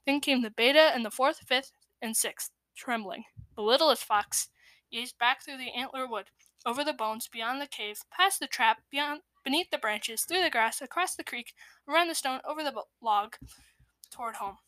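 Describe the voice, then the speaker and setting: A woman narrating a children's story in a measured, expressive way that drops into hushed tones. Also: high voice, dry recording. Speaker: storybook reader.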